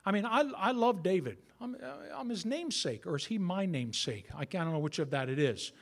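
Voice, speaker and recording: A man's voice: high-pitched, big pitch swings, fairly quick. A middle-aged man preaching a sermon to his church in a conversational way, with asides to the congregation. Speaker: pastor. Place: church sanctuary.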